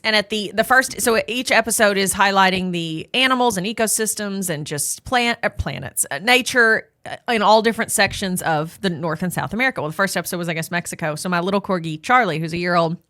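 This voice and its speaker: Bright animated woman podcast host. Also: mid-range voice, brisk, no echo, clean studio sound. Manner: animated storyteller, jumps into quoted voices. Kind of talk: casual chat. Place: podcast studio. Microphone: studio mic.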